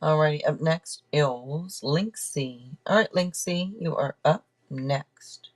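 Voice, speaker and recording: A woman's voice: deep voice, slow. Chatty woman reading tarot live. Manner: chatty, thanks donors and checks in with chat, trails off and restarts. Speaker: tarot reader and live-stream host. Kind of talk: casual live-stream chat with viewers. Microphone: camera mic.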